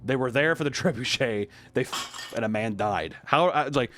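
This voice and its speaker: A young man hosting a comedic commentary, casual and animated, swearing freely. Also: medium pitch, moderate pace, faint music behind. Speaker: host.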